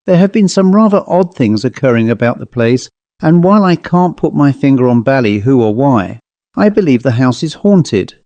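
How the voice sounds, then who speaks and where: A man doing a jovial Victorian squire with a bluff upper-class manner, low and mellow. The voice is dry and close, as in a read ghost story. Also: sing-song, normal speed, no room sound, highs cut off. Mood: hushed. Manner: bluff upper-class, calls friends old bean. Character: jovial hearty Victorian country gentleman.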